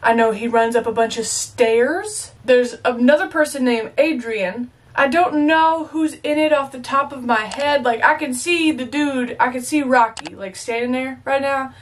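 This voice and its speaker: A woman's voice: high-pitched, measured pace, hardly any pauses, recorded from a distance. A young woman chatting playfully as she reacts to a movie, with joking asides. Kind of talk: casual reaction commentary.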